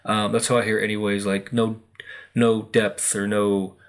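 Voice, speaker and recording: An American man hosting spiritual videos talks casually to camera about spiritual energy, rambling with many fillers and acted-out quotes. His voice is fairly low and flat, at normal speed.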